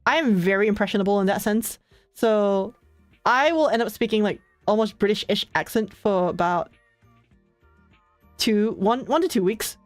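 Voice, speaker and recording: A young woman streamer chatting casually with her viewers, relaxed and full of filler words, often laughing between thoughts. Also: mid-range voice, moderate pace, dry recording, soft background music. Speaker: streamer hosting her own channel.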